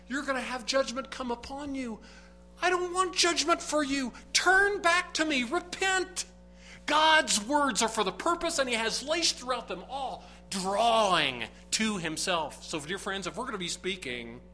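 A man's voice: medium pitch, bright, forceful tone, poor audio. A man preaching a sermon, earnest and emphatic, often building to rising bursts of emphasis. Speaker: pastor.

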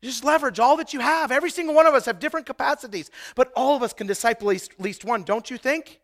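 A middle-aged man from Idaho preaching a sermon, telling personal stories and building to loud, emphatic bursts. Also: very high voice, fast. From Idaho, USA. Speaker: pastor.

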